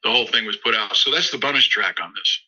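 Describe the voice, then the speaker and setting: A man's voice: lowish voice, fast, sharp tone, husky, lo-fi sound. A male musician being interviewed, telling stories in a loose, rambling way with many restarts. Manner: rambling anecdotal, frequent restarts and acted quotes. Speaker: musician guest. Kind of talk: interview storytelling.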